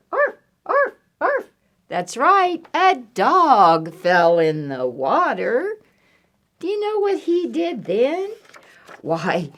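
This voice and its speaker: A woman reading at a library storytime with a lively voice that swoops up and down. She takes her time and moves slowly and deliberately, voicing the animal noises in a playful, sing-song way. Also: mid-range voice. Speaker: children's librarian.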